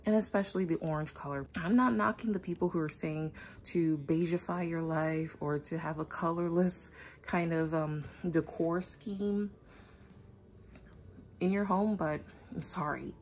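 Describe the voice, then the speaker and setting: A woman's voice: sits low, a little mellow, slight background noise. A woman vlogger chatting to camera at home in a rambling, enthusiastic way. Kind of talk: casual chat to camera. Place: at home indoors.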